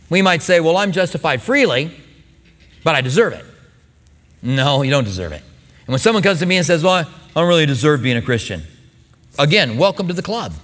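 A middle-aged man preaching a sermon with emphatic stresses and quiet asides. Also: fairly high pitch. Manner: emphatic, swings from loud stresses to soft asides. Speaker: pastor. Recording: long hall reverb.

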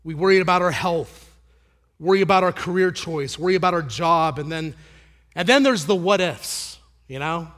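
A man's voice: on the high side, moderate pace, a bit bright. A middle-aged man preaching a conversational sermon, telling stories with many restarts. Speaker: pastor.

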